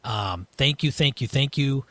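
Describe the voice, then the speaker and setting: A man with a middle-range voice co-hosts a podcast into a dry, close mic. He speaks haltingly, pausing often and searching for words. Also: medium pitch, sharp tone, no echo. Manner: hesitant, halting, many ums, grateful. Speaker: podcast co-host. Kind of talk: casual podcast chat.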